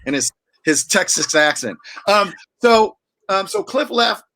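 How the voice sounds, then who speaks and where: Male guest, bright tone, slightly high, loose rambling delivery. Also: sing-song, unhurried. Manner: rambling, many restarts and fillers. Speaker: wine auctioneer and guest. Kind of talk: casual interview chat.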